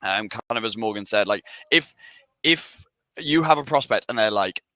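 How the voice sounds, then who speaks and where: Upbeat man, low bright voice. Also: lively intonation, moderate pace, no echo. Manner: enthusiastic, filler-heavy, many restarts. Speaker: sales director co-hosting a Q&A. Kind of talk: casual webinar chat.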